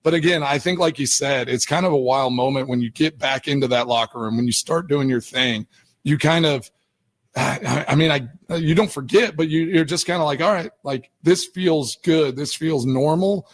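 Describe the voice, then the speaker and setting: A man's voice: medium pitch, normal speed. A man hosting sports talk radio, asking rambling, casual questions. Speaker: radio host.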